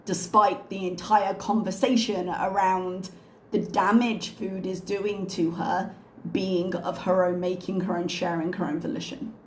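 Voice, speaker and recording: Soft-spoken sarcastic woman commentator. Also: mid-range voice, unhurried, roomy sound, slight background noise. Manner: calm, pointed, sarcastic. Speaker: reaction channel host.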